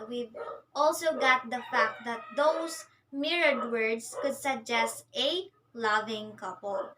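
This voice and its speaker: A woman's voice: sits high, bright, forceful tone, far from the mic, a little hiss or hum. A woman teacher giving a recorded literature lecture, patiently explaining and answering her own questions.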